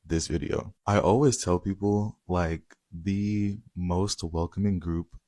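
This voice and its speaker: A man's voice: low voice, steady tone, slow, dark tone, dry recording, studio quality. A man from the Caribbean giving casual reaction commentary in an earnest, emphatic way.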